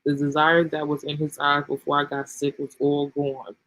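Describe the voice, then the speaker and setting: A man's voice: on the high side, monotone, normal speed, fairly bright tone, dry recording, poor audio. A man hosting a channel, casually reading a book aloud and adding his own commentary, often saying um and you know.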